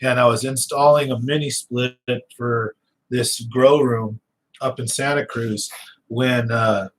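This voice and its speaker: A man's voice: medium pitch, fairly even intonation, takes it slowly, low-quality recording. A man hosting a fishing channel, chatting casually and telling stories in a loose, rambling way with fillers, restarts and a slight lisp. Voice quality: slight lisp, sometimes gets stuck on words.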